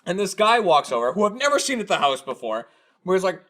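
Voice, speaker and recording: Lively, rambling male podcast storyteller. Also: sits high, fast. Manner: rambling, profane, full of filler words. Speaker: podcast co-host. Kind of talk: casual storytelling chat.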